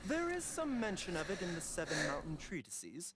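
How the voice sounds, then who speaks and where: An actor playing a calm, polite male pharmacist in a video game, speaking in a soft, measured way. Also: high voice. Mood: informative. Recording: game audio with background noise.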